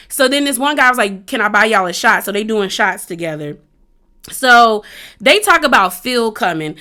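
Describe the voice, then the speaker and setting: A young woman with a fairly high, bright, sharp voice gives a casual, chatty recap of a reality show. She talks in slang and acts out what the cast said, and her retelling stays animated throughout. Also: normal speed.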